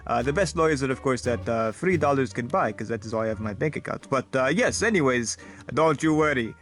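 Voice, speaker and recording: A man's voice: fairly high pitch, normal speed, a bit bright, close to an everyday voice. A man playing a pompous vampire talk show host with a put-on accent, talking in theatrical, self-important, stammering patter. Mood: boastful. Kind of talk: comedy sketch.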